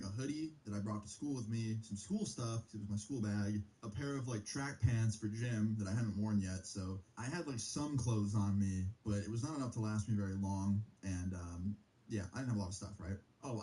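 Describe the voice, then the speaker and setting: Young man with a mellow voice, heated storytelling. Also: on the low side, fairly quick, poor audio. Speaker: streamer. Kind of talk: casual storytelling.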